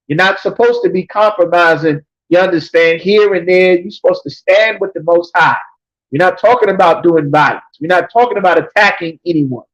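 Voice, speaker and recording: Man, scripture class preacher, emphatic, high-pitched, dull lo-fi recording. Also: a bit bright. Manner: emphatic, often asks "you understand?"; reads verses slowly, then explains in street talk.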